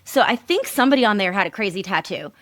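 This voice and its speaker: A woman comedian, a podcast guest, telling animated stories with laughter and the odd swear word. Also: mid-range voice, quick pace, dry recording. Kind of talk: casual podcast storytelling.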